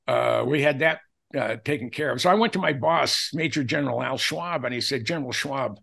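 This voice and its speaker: An older man telling personal anecdotes as a podcast guest, acting out the dialogue he quotes in an animated way. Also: a little high, gravelly. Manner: animated storyteller who acts out quoted dialogue.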